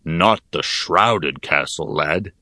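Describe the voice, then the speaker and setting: A man voicing a burly middle-aged male laborer who speaks calmly, slowly and plainly. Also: extremely low pitch, dry recording, clean studio sound, exaggerated voice. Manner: calm, slow and plain-spoken. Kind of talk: audiobook character voice.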